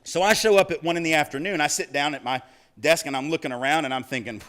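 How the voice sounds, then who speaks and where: A man giving a storytelling speech, lively and acting out the voices of people in his anecdotes. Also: on the high side, fast talker. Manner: animated, acts out quoted voices. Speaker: public speaker.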